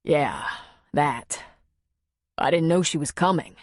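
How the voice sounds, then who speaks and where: Woman doing a calm, gentle protective man. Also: deep voice, takes it slowly, dry recording, studio quality, voice pushed down. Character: protective former Marine man, calm and gruff.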